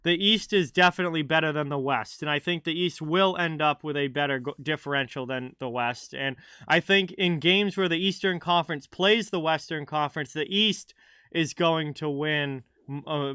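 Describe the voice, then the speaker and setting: A man's voice: a little high, moderate pace, bright, forceful tone, clean tone, dry recording, clean studio sound. A man hosting a live hockey stream, chatting casually about the standings and answering viewers by name. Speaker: livestream hockey host. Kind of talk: casual live-chat commentary.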